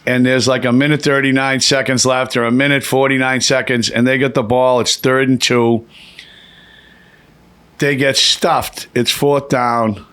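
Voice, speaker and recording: A man tells a rambling story in casual chat. He swears freely and jumps up in pitch whenever he acts out what someone said. His voice sits at an ordinary middle pitch. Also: unhurried, clean tone. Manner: animated, profane, acts out quotes with raised pitch.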